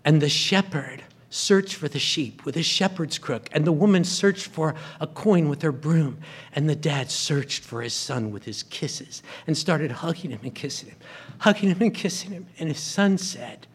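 Guy preaching, husky voice, tells the story and does the voices. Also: a little high, lively intonation, moderate pace. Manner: storytelling, acting out the characters' lines. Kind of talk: sermon.

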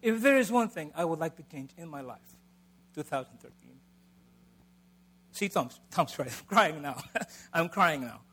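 A middle-aged man preaching a sermon in a conversational way, swinging between loud emphasis and soft asides. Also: a little high, expressive, measured pace, pauses often, husky.

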